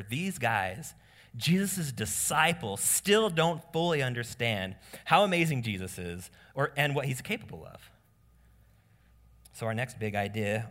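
A male pastor preaching to his congregation in a bright, forceful voice. He shifts quickly between earnest appeals and playful asides, acting out characters with lively energy. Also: medium pitch. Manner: animated preaching, acts out disciples in voices. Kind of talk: sermon. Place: church room with congregation.

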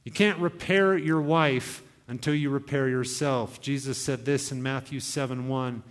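A man's voice: medium pitch, fairly even intonation, unhurried, hardly any pauses. A young male pastor preaching an earnest, exhorting sermon to his church. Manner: earnest, exhorting, with quoted asides. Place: church hall. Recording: long hall reverb.

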